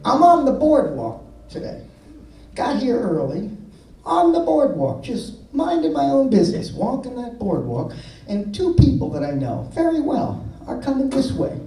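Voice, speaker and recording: A man, a blues singer and guitarist, telling deadpan jokes to the crowd between songs on an outdoor festival stage. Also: high voice. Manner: joking, deadpan storyteller. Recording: echoey live sound from far off. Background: guitar music.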